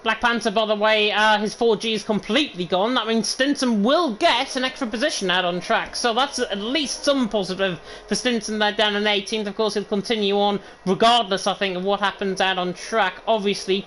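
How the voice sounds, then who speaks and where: Guy doing fast hyped sim racing commentary on a headset, bit of hiss behind. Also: high voice. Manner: rapid, excited play-by-play. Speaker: lead commentator.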